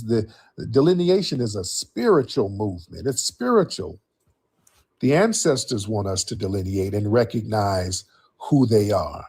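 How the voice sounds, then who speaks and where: A man's voice: mid-range voice, darkish tone, husky. A man hosting a call-in livestream, talking bluntly and mocking his callers. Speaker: livestream host. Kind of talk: livestream commentary.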